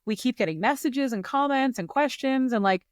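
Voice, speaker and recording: A young woman from Canada co-hosting a podcast in casual, animated, joking chat full of fillers. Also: sits high, normal speed, no echo, clean studio sound. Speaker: podcast co-host.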